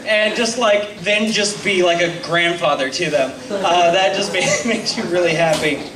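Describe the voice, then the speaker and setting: A man's voice: high-pitched, unhurried, background noise. Awkward young man doing stand-up. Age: 20s. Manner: hesitant, awkward, self-deprecating delivery with many ums. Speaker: stand-up comedian and host. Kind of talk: stand-up comedy set. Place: comedy club stage. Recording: roomy club sound, mic heard from a distance, loud crowd laughter. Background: audience laughing.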